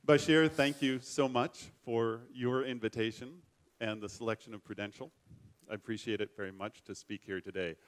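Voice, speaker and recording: A middle-aged man giving a formal, measured keynote speech at a conference. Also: medium pitch, fairly even intonation. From United States. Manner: measured, formal, self-deprecating. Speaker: keynote speaker.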